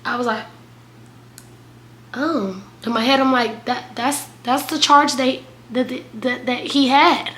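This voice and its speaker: Young woman vlogging a crazy storytime, bright sharp voice, roomy echo. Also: sits high, normal speed, few pauses. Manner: animated, dramatic storytelling with quoted voices. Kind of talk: storytime vlog.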